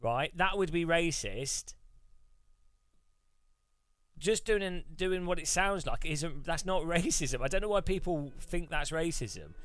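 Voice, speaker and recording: A man's voice: a little high, animated, slow, no echo. A British man hosting a gaming channel, chatting casually to his viewers, joking and laughing as he rambles. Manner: jokey and laughing, mocks foreign languages. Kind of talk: casual chat to a live chat.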